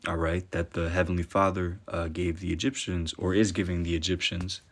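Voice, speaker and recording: A man teaching from scripture, reading verses slowly and ending nearly every phrase with "all right?". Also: deep voice, flat delivery, fairly bright tone. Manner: peppers speech with "all right?"; reads verses slowly and deliberately. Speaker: preacher.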